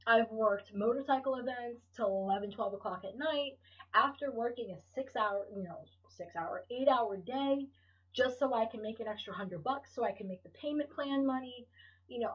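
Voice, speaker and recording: A woman's voice: on the high side, moderate pace, breathy edge, far from the mic. Woman, solo podcast host, candid and emotional, profane, dull lo-fi sound. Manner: emotional, profane, rambling with restarts.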